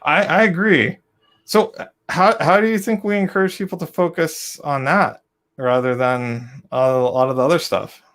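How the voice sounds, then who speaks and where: A man's voice: a little high, normal speed, a bit bright. A man hosting an interview, talking casually and earnestly as he thinks aloud and searches for words. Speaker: host.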